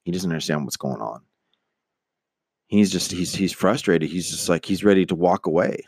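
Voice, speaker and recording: A man with a low voice tells a long, rambling personal anecdote, slipping into the voices of the people in it and swearing freely. His voice is recorded dry and close, with no room sound. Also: moderate pace, slightly rough, dry recording. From United States. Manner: rambling, animated, acts out quoted voices; swears casually. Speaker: storyteller. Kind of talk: casual spoken anecdote.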